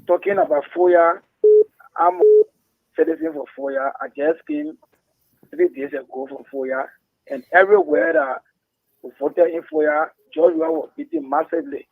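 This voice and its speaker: A man calling in to a talk show with a halting political comment, restarting his phrases. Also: very high-pitched, wildly swooping pitch, creaky, no echo. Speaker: caller. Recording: tinny phone line.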